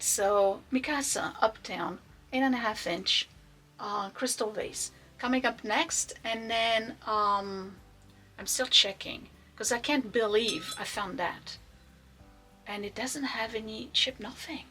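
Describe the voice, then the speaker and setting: A woman with a bright, crisp voice shows off vintage pieces from her shop in a chatty, enthusiastic way. She talks casually and now and then drops into soft asides. Faint music plays behind her. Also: a little high, slow pace. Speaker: online vintage shop owner. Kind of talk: casual product showcase.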